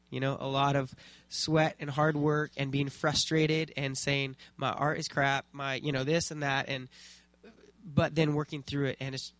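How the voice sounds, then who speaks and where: A man giving an informal faith talk to a small group of artists, relaxed and rambling, with many fillers and restarts. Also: medium pitch, no echo.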